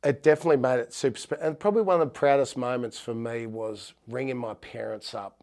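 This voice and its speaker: A man's voice: medium pitch, fast, darkish tone. A middle-aged Australian man, a former rugby league player, telling heartfelt stories in a podcast interview with frequent restarts.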